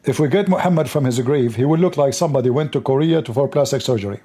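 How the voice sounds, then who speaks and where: Man, call-in host, mellow husky voice, mocking and emphatic. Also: mid-range voice, fast. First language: Arabic. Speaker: host of a call-in debate show. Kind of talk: combative live-stream commentary.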